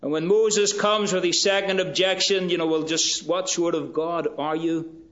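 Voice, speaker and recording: A man preaching a sermon in a slow, measured way, rising in pitch and force for emphasis. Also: steady tone, a bit bright. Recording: dull lo-fi recording.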